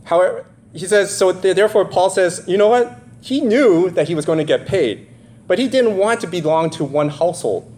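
A man's voice: sits high, expressive, normal speed, a little mellow. A man with nasal congestion preaching a sermon in a conversational way, often checking in with his listeners. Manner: conversational, asks the audience questions. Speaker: pastor.

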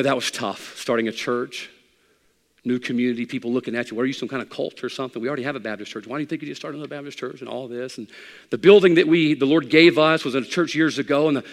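A male pastor delivers a sermon, moving from quiet, intimate talk to loud, impassioned preaching while telling stories in his own voice. His pitch is medium, and the sound has a big-room quality.

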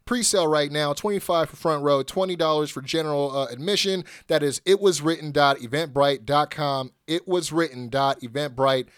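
A man's voice: on the high side, normal speed, few pauses, a bit bright, clean tone, no room sound, studio quality. A man co-hosting a wrestling podcast in casual chat, laid-back and full of filler words. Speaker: podcast co-host.

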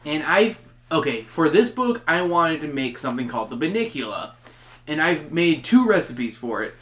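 A man's voice: a little high, big pitch swings, moderate pace, fairly bright tone. Chatty upbeat male podcast host. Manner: chatty, upbeat, rambling with restarts. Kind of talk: casual podcast chat.

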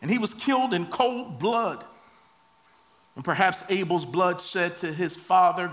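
A man's voice: high voice, unhurried, fairly bright tone. A man preaching a sermon, reading scripture and rising into impassioned, dramatic cries.

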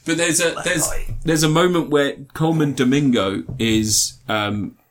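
A man co-hosting a casual film review podcast, talking with animation, swearing freely and acting out scenes in quick put-on voices. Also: fairly high pitch, steady tone. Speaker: podcast co-host.

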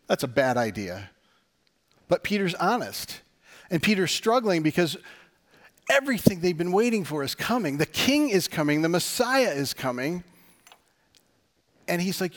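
A man's voice: fairly high pitch, lively intonation, moderate pace, pauses often. A man preaching a sermon as pastor, talking conversationally, asking the audience rhetorical questions and using dry sarcastic humor.

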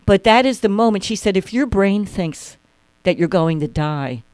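A man's voice: high-pitched, lively intonation, normal speed, clear, resonant tone, no echo. A man co-hosting a talk radio show, telling a story casually and animatedly, acting out the people he quotes. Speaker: guest host.

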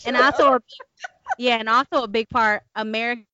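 A woman's voice: on the high side, steady tone, sharp tone, no echo. Laughing woman podcast co-host, Southern country accent. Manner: teasing, quick to laugh. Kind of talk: casual chat. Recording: dull lo-fi podcast audio.

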